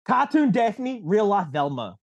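A man's voice: high voice, big pitch swings, unhurried, slightly rough, no echo. A young man with a New Zealand accent, chatting casually as a podcast guest, rambling and laughing often. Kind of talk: casual chat.

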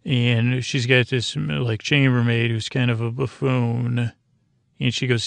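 A man hosting a bedtime podcast, recapping an episode in a halting, rambling way full of filler words. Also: medium pitch, level tone, creaky, dry recording. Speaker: podcast host.

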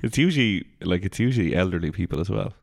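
Deep-voiced man, blunt joking. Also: animated, fast, gravelly. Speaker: podcast co-host. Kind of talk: casual chat.

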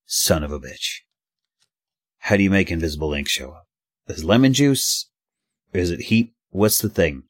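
A man's voice: low voice, big pitch swings, moderate pace, no room sound, clean studio sound. A man playing a tabletop game in a rambling, stammering way with some swearing. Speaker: player. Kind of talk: tabletop role-play.

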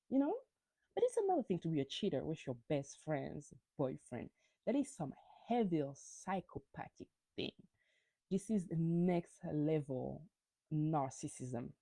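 Animated woman ranting about reality TV. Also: deep voice, no room sound. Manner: animated, ranting gossip with frequent swearing; stumbles and repeats words when worked up. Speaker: podcast host. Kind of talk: reality TV recap monologue.

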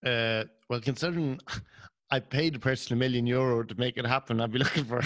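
A man's voice: mid-range voice, fairly even intonation, brisk, fairly bright tone, no echo. A man co-hosting a podcast, trading dry jokes in casual banter. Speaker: podcast co-host.

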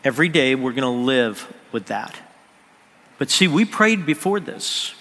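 A pastor telling a personal story in a sermon, sometimes dropping to a near-whisper at the emotional moments. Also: male voice, mid-range voice, expressive, normal speed, pushed and bright. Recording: long hall reverb.

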